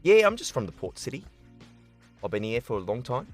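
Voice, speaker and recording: A man's voice: medium pitch, a little fast, faint music behind, lightly acted. A man voicing a wandering changeling bard with a put-on New Zealand accent, chatty and easygoing, calling people "mate". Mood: friendly. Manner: relaxed, chatty, says "mate".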